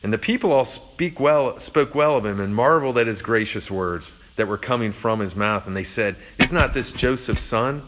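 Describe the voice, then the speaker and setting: A man's voice: on the low side, moderate pace, few pauses, fairly bright tone, a little hiss or hum, poor audio. A man giving a conversational sermon, explaining a passage verse by verse with earnest asides. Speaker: pastor.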